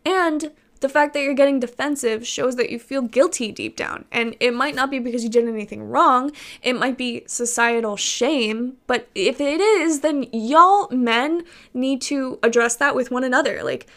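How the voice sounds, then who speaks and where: A woman's voice: sits high, normal speed, few pauses, a bit bright. A young woman content creator ranting casually to camera, exasperated and sarcastic, swearing often and laughing between points. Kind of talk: casual vlog rant.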